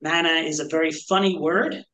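A man's voice: a little high, fairly even intonation, moderate pace, pushed and bright, low-quality recording. A man teaching a Bible study to a small group in a conversational, explanatory way, asking rhetorical questions.

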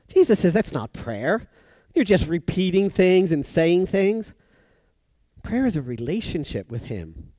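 Dry-voiced male preacher, hushed to emphatic. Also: a little high, expressive, normal speed, no room sound. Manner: swings from loud emphatic bursts to soft hushed lines; acts out the voices in the story he tells. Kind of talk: sermon.

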